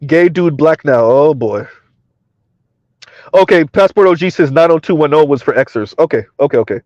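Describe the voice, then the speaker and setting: A man's voice: a little high, lively intonation, moderate pace, a little mellow, dry recording. Man, middle-aged, livestream commentary, colloquial, laughs a lot, muffled sound. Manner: chuckling often, loose and colloquial. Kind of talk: casual livestream commentary, reading chat aloud.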